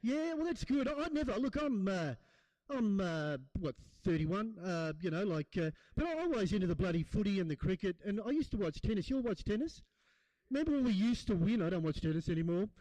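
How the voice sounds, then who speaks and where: A man's voice: high-pitched, very animated, fairly quick, warm tone, no echo, rough recording. A middle-aged man with an Australian accent doing a rambling stand-up set, bantering blokey with the crowd. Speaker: stand-up comedian. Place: comedy gig in a hall.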